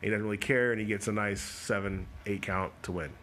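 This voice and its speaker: Male host, bright voice, joking live bowling commentary with faint noise behind. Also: fairly low pitch, steady tone. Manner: chatty and joking, talks fast in spurts. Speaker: host of a bowling coaching show.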